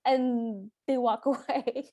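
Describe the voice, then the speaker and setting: A woman's voice: a little high, takes it slowly. A woman co-hosting a podcast, chatting casually and laughing as she retells a film. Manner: giggly, animated retelling. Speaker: podcast co-host. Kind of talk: casual chat recapping a film.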